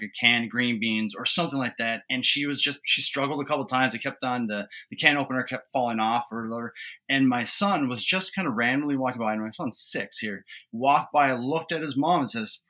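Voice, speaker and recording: A man in his thirties, a guest and father, telling family stories in an animated, casual way and laughing along. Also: medium pitch. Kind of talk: casual storytelling.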